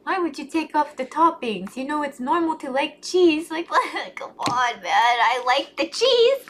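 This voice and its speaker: A young woman streaming, chatting casually in an animated, laughing, incredulous way. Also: sits high, a little slow, a little hiss or hum.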